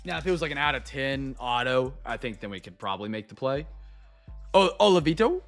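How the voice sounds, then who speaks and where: A young man hosting a live card break, chatting to viewers and going off on excitable, rambling sports rants. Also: medium pitch, fairly quick, soft background music.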